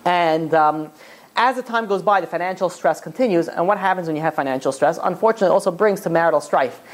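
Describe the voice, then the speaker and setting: A rabbi tells a parable at a quick clip, words tumbling out. His telling is loose and chatty, packed with "you know" and "he's like". It sounds like a man who is relaxed and talking off the cuff. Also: sits high. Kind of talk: storytelling in a Torah talk.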